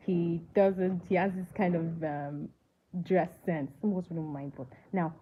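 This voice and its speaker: A woman hosting a casual live movie chat, talking to viewers and often asking them questions, with many fillers. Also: fairly low pitch. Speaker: livestream movie reviewer. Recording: tinny phone-like line with faint hiss.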